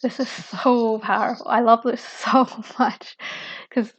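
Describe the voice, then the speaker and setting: Earnest woman with a gravelly, raised voice. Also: fairly high pitch, steady tone, lo-fi sound. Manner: earnest, unhurried, frequent "you know" and "right?". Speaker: book commentator. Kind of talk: reflective book reading and commentary.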